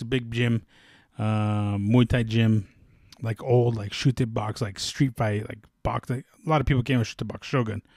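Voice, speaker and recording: A man's voice: on the low side, darkish tone, dry recording. Rambling man on a dry close mic. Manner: rambling, many fillers and self-corrections. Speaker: podcast host. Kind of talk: casual solo sports chat.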